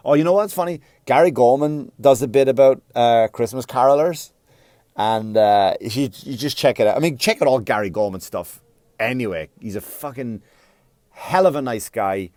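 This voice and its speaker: Animated Irish comedian, dry close sound. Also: male voice, mid-range voice, dry recording. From Ireland. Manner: swearing, animated, punchy. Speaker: stand-up comedian. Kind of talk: comedy podcast monologue.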